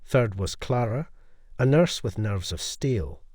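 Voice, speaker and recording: A man telling a scripted story as narrator in a lively storytelling way. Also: mid-range voice, takes it slowly, dry recording, studio quality.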